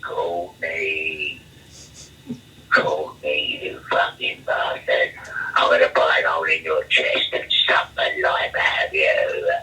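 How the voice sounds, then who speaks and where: A man putting on a deep, snarling shouting prisoner. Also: completely flat delivery, slow, far from the mic, exaggerated voice, rough recording. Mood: menacing. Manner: threatening, growled from below. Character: menacing shouting male prisoner.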